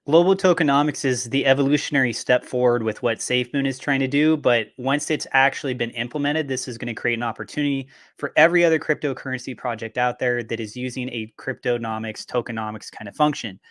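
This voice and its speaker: A man's voice: mid-range voice, fairly even intonation, quick pace, hardly any pauses, fairly bright tone, no room sound. A man with a mid-range voice explains a topic fluently on a live crypto round table. He goes through it step by step without hesitating. The recording is dry and close. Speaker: crypto content creator. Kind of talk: live panel discussion.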